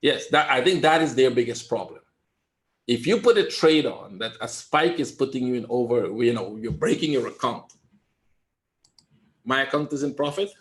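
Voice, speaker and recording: A man giving live trading commentary in a webinar, calm and reassuring, repeating his points and often asking "right?". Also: medium pitch, normal speed. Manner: emphatic, talks straight to viewers. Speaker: trader teaching a webinar.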